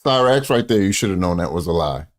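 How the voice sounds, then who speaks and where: Man, lowish voice, reaction commentary host, mocking, profane, rambling. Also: animated, fast.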